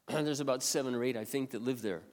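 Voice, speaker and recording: Male pastor, mid-pitched, storytelling sermon, throat-clearing, big reverberant room. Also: a little fast. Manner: frequent throat clearing, retells conversations. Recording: long hall reverb.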